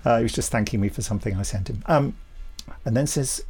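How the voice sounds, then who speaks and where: A man co-hosting a podcast in a relaxed, rambling chat. His voice sits at an ordinary middle pitch, and he laughs easily as he wanders off on tangents. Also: fast talker, soft background music. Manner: chatty, rambling, laughs often. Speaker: podcast co-host. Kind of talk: casual chat.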